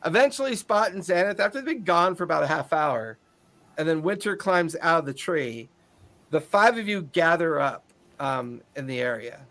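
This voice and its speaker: A man's voice: a little high, animated, normal speed, fairly bright tone. A man narrating a tabletop game as game master, loose and laughing often.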